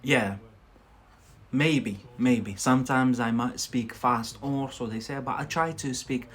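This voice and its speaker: A man's voice: mid-range voice, slow pace, fairly bright tone, slightly rough. Chatty man with a Scottish-tinged accent. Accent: Scottish-influenced English. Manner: chatty, reassuring, repeats "yeah?" often. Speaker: English teacher, live stream host. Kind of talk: casual live-stream English lesson.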